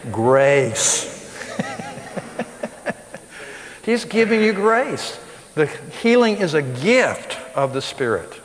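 Man preaching in an echoing hall. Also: a little high. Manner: emphatic, rising to stress points. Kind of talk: sermon. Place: school hall with live audience. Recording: long reverb of a large hall.

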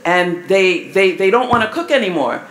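A woman giving a live seminar talk to an audience, measured and asking the crowd questions. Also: mid-range voice, lively intonation, fairly bright tone. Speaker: family seminar presenter. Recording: echoey hall with faint room noise.

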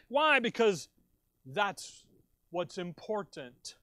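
A man's voice: high-pitched, lively intonation, unhurried, a bit bright, no echo. A man preaching a sermon from the pulpit, talking conversationally and rising to emphatic bursts. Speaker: pastor. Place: church sanctuary.

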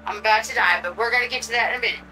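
A woman vlogging an unboxing, gushing and excitable, cooing over a doll she pulls from the box. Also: on the high side, rapid-fire, far from the mic, soft background music, rough recording. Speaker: reborn doll collector vlogger. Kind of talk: casual unboxing vlog.

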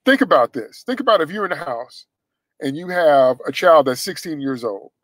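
A man preaching a sermon in a slightly high voice, emphatic, dropping to a hush and then rising loud again. He acts out the voices he quotes, and the sound is dry and close with no room echo. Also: lively intonation, moderate pace.

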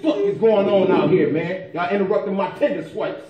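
An actor playing a loud, rude young male waiter who insults his customers with profanity. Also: high voice, fairly quick, roomy sound, far from the mic, lo-fi sound, crowd noise, close to an everyday voice. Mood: mocking.

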